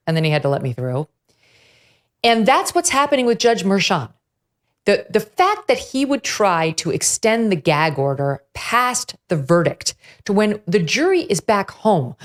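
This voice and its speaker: A woman hosting a political talk show, with a low-pitched voice. She is middle-aged and tells her story with animation, slipping into the voices of the people she quotes. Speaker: show host.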